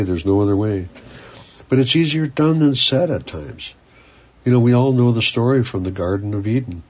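A man preaching a sermon in an earnest, unhurried way, sometimes repeating words as he searches for them. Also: on the low side, dull audio, a little hiss or hum.

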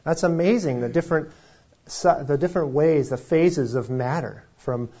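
A man's voice: on the high side, normal speed, mellow, husky. A man leading an informal Bible study, talking conversationally with rambling asides and self-deprecating jokes. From Wisconsin. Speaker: preacher. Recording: slightly dull lo-fi sound.

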